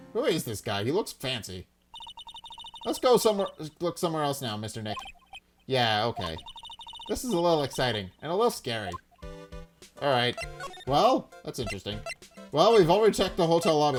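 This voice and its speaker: A let's-play host, a man, reads through a courtroom game in a wry, chatty way. His pitch moves lively and animated. Faint game music plays under him. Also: brisk, long pauses. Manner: wry, chatty, low-key. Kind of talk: reading a game aloud casually.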